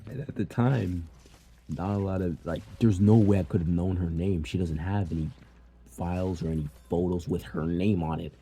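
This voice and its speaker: A young man casually telling a personal story, animated and swearing freely. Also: low-pitched, moderate pace, husky. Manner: animated, swearing, tearful at times. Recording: faint background noise.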